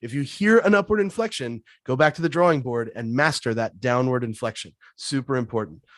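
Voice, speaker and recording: A man as a guest sales trainer, answering webinar questions in a punchy, energetic coaching way. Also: medium pitch, brisk, no room sound, clean studio sound.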